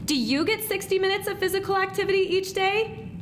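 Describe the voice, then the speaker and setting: A woman's voice: very high voice, brisk, noisy background. A woman speaking to a school group as a presenter, upbeat and encouraging. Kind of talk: scripted talk to students.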